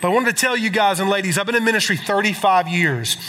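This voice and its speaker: A man's voice: sits high, quick pace, pushed and bright. A man, preaching as a guest speaker in a chatty, joking, emotional way. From South Carolina. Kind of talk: sermon introduction. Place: large church hall. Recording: hall echo from pulpit mic.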